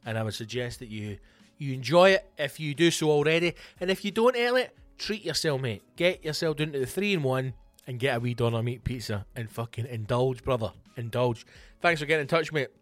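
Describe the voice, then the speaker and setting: A Scottish man in a mid-pitched voice runs his comedy podcast alone, talking straight to the listeners. He swears freely and puffs himself up into a mock-grand tone as he answers their questions. Faint music sits under his voice. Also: animated, brisk, no echo. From Scotland.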